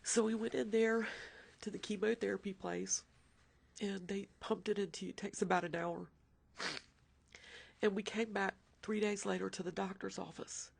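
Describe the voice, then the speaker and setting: A woman's voice: medium pitch, flat delivery, normal speed, creaky, husky. A woman recounting her son's childhood illness in a personal storytelling interview, emotional and dropping into whispers as she voices the doctor.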